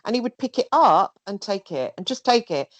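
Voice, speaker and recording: A woman telling a personal story in casual chat, rambling and animated, sometimes mimicking other people. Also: mid-range voice, normal speed, no echo. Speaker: guest.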